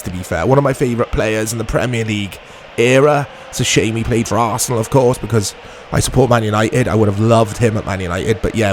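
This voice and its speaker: A man hosting a gaming channel, chatting and joking through a let's play, laughing often and bursting into excited play-by-play. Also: lowish voice, a little hiss or hum.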